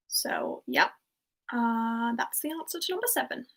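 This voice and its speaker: A young woman hosting a casual livestreamed pub quiz, chatty and laughing softly as she reads out quotes and answers. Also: fairly high pitch, wildly swooping pitch, a little slow, gravelly.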